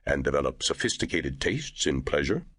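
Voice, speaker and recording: A man voicing a huge, genial angel in human form who talks in a slow, scoffing drawl. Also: very deep voice, sing-song, fairly bright tone, husky, no room sound, studio quality, full character voice.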